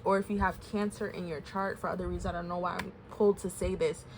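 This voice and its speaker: A woman's voice: on the low side, flat delivery, fast, slight background noise. Candid chatty woman tarot reader. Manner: candid, emotional, chatty with fillers. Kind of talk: casual spoken tarot reading.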